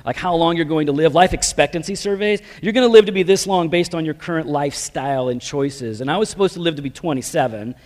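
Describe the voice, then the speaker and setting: A man's voice: on the high side, quick pace, hardly any pauses, darkish tone. A man preaching his personal testimony in a casual, self-deprecating storytelling way, full of slang fillers. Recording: long reverb of a large hall.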